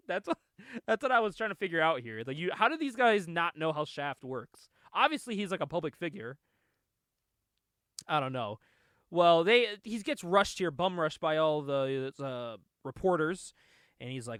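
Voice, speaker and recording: A man's voice: on the high side, expressive, normal speed, fairly bright tone, clean tone, no room sound, clean studio sound. A man hosting a casual comic book podcast, sarcastic and laughing often as he recaps. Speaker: podcast host.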